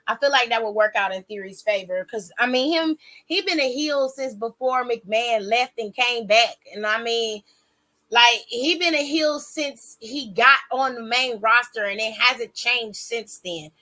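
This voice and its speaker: A woman recapping a wrestling show in a casual vlog, sounding bright and forceful. Her voice sits fairly high, and she talks in an animated way. She swears freely and keeps breaking off into quick side remarks. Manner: chatty, animated, swears freely, self-interrupting asides.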